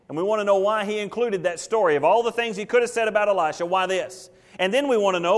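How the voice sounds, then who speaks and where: Preacher with a bright high voice. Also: male voice, expressive, fast talker. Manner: conversational, asks the congregation questions; acts out biblical figures' thoughts in quoted voices. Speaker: pastor. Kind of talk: expository sermon.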